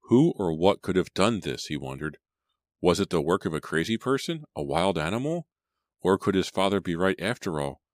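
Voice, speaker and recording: A man reads a storybook aloud, steady and measured. His voice is extremely deep, and the recording is dry and close, with almost no room sound. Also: dry recording. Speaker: audiobook narrator. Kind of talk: scripted audiobook narration.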